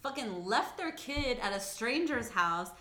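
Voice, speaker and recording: A young woman talks in a casual podcast chat, bright and forceful, swearing freely and jumping into the characters' voices as she recaps. The room is echoey, with her voice bouncing off the walls. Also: a little high, a little slow. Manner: animated, profane, acts out characters' lines in bursts. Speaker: podcast co-host recapping a TV episode.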